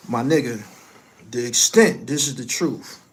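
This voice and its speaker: A middle-aged man delivering a heated, profane rant, scolding someone directly and swinging between loud outbursts and low muttering. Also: unhurried. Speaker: commentary host.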